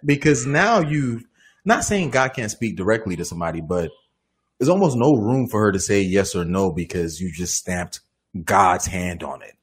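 A male minister giving casual, animated advice in a question-and-answer talk, often acting out the people he quotes and laughing. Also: lowish voice, normal speed, husky.

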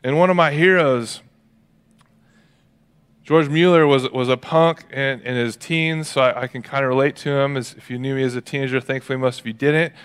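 A male pastor preaching a sermon in a relaxed, conversational way, acting out quotes as he tells stories. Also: medium pitch, moderate pace, clear, resonant tone. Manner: conversational, animated storytelling with acted-out quotes.

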